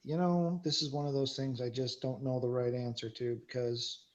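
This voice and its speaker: A man's voice: medium pitch, steady tone, moderate pace, muffled recording. A man playing a card game, chatting casually and thinking aloud about his moves. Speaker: card game player and co-host. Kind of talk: casual gameplay chat.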